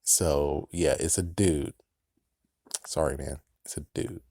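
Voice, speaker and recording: A man's voice: a bass voice, slow pace, creaky, dark tone, dry recording, studio quality. A man giving a loose, rambling episode recap, swearing often and breaking into laughs. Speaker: channel host recapping an episode. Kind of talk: casual recap vlog.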